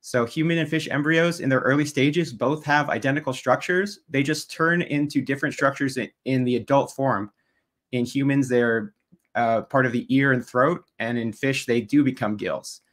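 A man's voice: mid-range voice, moderate pace, fairly bright tone. Methodical man debating over slides. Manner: methodical, pointed, occasionally mocking.

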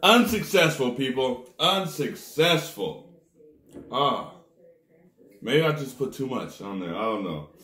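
In this casual food-tasting vlog, a man samples snacks and lets out dramatic groans at each bite while speaking straight to viewers as "people." He has a mid-range, slightly bright voice with lively intonation and a measured pace, recorded with a roomy sound.

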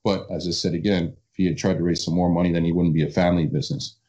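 A man with a deep, dark voice talks in a casual interview, doubtful and halting, tripping over repeated words. The recording is dull and lo-fi. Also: fairly even intonation.

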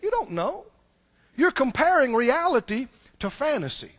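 A preacher man delivering a sermon with a very high voice that swings up and down a great deal. He speaks emphatically and repeats points, addressing the congregation directly and calling for responses. His tone is bright and forceful. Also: big pitch swings, a little slow, no echo. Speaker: pastor.

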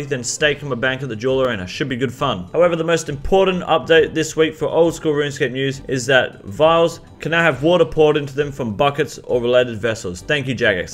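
Crude, swearing male game news host. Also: mid-range voice. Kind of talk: casual game news vlog.

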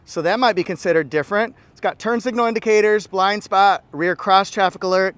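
A man's voice: sits high, a little fast, fairly bright tone, clean tone, no echo. A man giving a walkaround car review, upbeat and playful with jokey asides.

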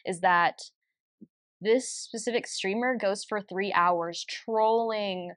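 A young woman in her twenties co-hosts a casual podcast, telling stories with lots of fillers and restarts. Her voice sits at a middling pitch. The recording is dry and close, with no room sound. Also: takes it slowly, no room sound. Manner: animated storytelling with many fillers and restarts. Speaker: podcast co-host. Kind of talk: casual chat.

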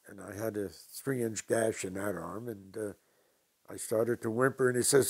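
An older man from New York telling stories from his past slowly and with dry humor in an interview. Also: on the low side, fairly even intonation, gravelly, darkish tone, slightly rough. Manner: slow, deliberate anecdotes with dry humor. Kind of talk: storytelling interview.

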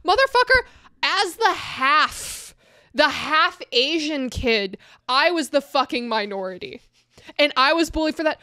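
A woman's voice: sits high, animated, measured pace, pushed and bright, dry recording, studio quality. A woman co-hosting a podcast, chatting casually with wry, profane humor. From Silicon Valley, California. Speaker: podcast co-host. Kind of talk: casual chat.

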